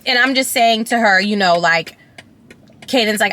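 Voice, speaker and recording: A woman's voice: mid-range voice, normal speed, bright, forceful tone, a little hiss or hum. A woman vlogger telling a storytime in casual chat, rambling with many fillers and restarts, candid and emotional, now and then profane.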